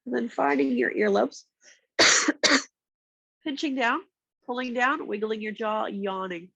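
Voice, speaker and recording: A woman with a stuffy, congested voice, calmly giving slow step-by-step yoga and massage cues on a nearby mic. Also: on the high side, gravelly, no echo, poor audio. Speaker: yoga instructor. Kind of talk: guided yoga instruction. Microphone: external mic nearby.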